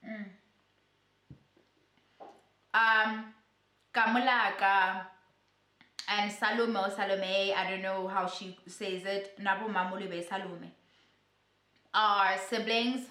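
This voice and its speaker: A young woman, chatting through a casual gossip vlog in a sassy, animated way. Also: medium pitch, takes it slowly, long pauses, echoey room. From South Africa. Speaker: YouTuber.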